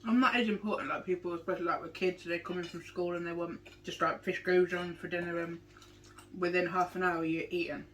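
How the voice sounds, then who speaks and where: A woman's voice: on the low side, fairly even intonation, a little fast, a bit bright, a little hiss or hum, low-quality recording. A woman, chatting casually while cooking and eating at home. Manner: chatty, bubbly. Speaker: vlogger. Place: home kitchen.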